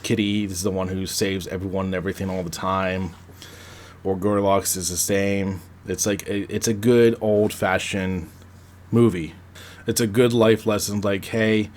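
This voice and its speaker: Low-voiced host rambling through a film recap, casual. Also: male voice, a little mellow. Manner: rambling, conversational, frequent restarts. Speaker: podcast host reviewing a film. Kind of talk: casual plot recap and review.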